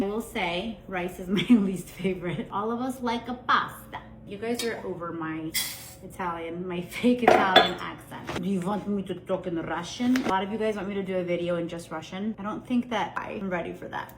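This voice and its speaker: A woman's voice: medium pitch, roomy sound, a little hiss or hum, rough recording. A woman in her thirties chatting casually while she cooks at home, playful and self-mocking. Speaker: home cooking creator. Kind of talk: casual cooking vlog chat. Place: home kitchen.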